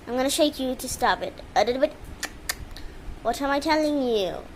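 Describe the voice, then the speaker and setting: Using a handheld phone, a woman films her pet bird at home with a fan running, cooing and scolding it in baby talk for a casual vlog. Her voice sits high with lively intonation, at a moderate pace with frequent pauses. The audio is poor, with slight background noise.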